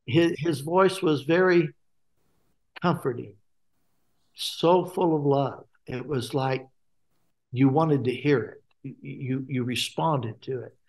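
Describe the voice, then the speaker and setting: Halting man telling his faith testimony. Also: mid-range voice, a little mellow. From Alaska. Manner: halting, many fillers and restarts. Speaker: guest.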